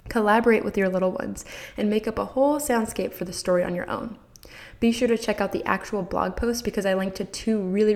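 An enthusiastic woman hosting a parenting podcast. Her delivery is bright and encouraging, and she talks directly to her listeners like a friendly coach. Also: medium pitch. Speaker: podcast host. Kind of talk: upbeat parenting advice podcast.

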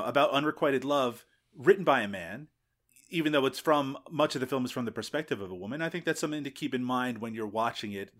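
A man's voice: mid-range voice, fairly bright tone. A man co-hosting a film podcast, speaking thoughtfully and measuredly, often hedging with "you know". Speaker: podcast co-host. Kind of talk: casual podcast chat.

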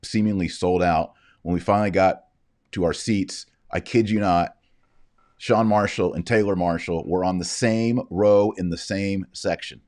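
A man with a very deep voice talks straight to his audience in a loose, casual monologue. He rambles from story to story, growing animated as he goes. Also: a little slow, no echo, studio quality. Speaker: host.

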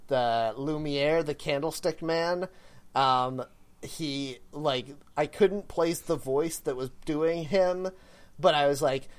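A woman co-hosting a podcast in casual chat, animated and quick to laugh, talking over the others. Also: low-pitched. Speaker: podcast co-host.

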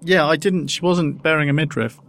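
A man's voice: a little high, steady tone, a little fast, gravelly, fairly bright tone, no echo. A man co-hosting a casual podcast, talking in a hesitant, rambling way full of restarts. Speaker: podcast co-host. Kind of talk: casual chat.

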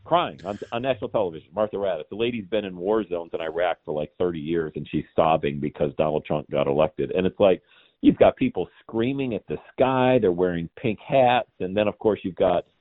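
A man in his forties, a podcast guest, ranting in an animated, scornful way in casual chat. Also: deep voice, brisk, no room sound. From Cincinnati area, Ohio. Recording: tinny phone-like line.

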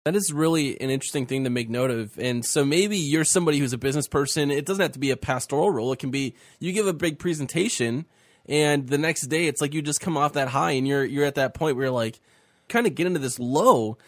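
A man's voice: a little high, fast, no room sound, clean studio sound. Man teaching Bible stories with feeling. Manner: animated, acting out the biblical speakers' lines. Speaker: co-host of a faith talk show.

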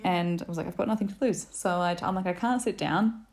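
A woman, a podcast guest telling a story in a casual, animated way, laughing often and saying "like" a lot. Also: on the low side, fairly quick. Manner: animated, laughing, many fillers like "like".

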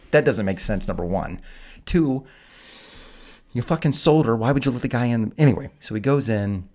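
A man's voice: mid-range voice, animated, a little fast, a little mellow. A man hosting a podcast, recapping a film in a casual, profane and incredulous rant. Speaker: podcast host. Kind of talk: casual film review chat.

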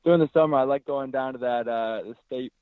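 A man with a hoarse, raspy voice, a goalkeeper talking casually in an interview, relaxed and rambling with fillers. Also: mid-range voice, quick pace, no echo. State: hoarse from yelling. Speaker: goalkeeper guest. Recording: dry tinny phone-like line.

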